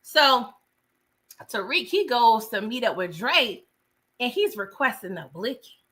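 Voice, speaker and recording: A woman's voice: a little high, sing-song, a little slow, fairly bright tone. A young woman chatting casually through a TV episode recap on a livestream, laughing and greeting viewers by name. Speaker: TV show recap host.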